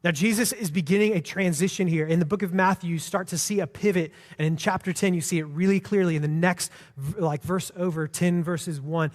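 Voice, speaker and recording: A man's voice: high-pitched, fairly even intonation, fairly quick, hardly any pauses. A man preaching a sermon as pastor, in a conversational, earnest way with frequent restarts. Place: church sanctuary. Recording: long hall reverb.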